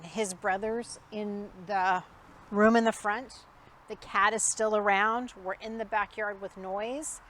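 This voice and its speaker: Calm, quiet woman dog trainer. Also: a little high. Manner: calm, quiet, measured instruction. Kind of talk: instructional dog training demonstration. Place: outdoors in a backyard. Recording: outdoor recording with faint background noise.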